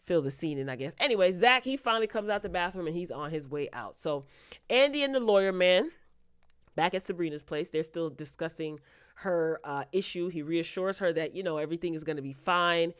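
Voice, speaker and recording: A woman's voice: lowish voice, expressive, brisk, clean tone, no echo, clean studio sound. A woman recapping a TV episode in casual chat, breaking off into incredulous, sarcastic asides. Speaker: TV recap vlogger.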